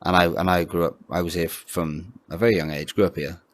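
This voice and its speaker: A Welsh-born podcast co-host speaks fast in a low voice with little pitch movement. In casual chat he laughs often and keeps restarting his sentences.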